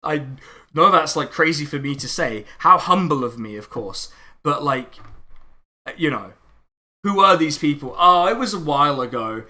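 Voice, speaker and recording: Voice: medium pitch, animated, moderate pace, sharp tone. A non-binary streamer, chatting casually and sarcastically over lunch, ranting with lots of filler words. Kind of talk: casual chat.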